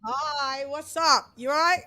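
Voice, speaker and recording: High-voiced playful woman host. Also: takes it slowly, a crowd in the background. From England. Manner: playful, sing-song intros, chatty asides. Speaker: livestream host. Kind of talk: casual boxing chat livestream.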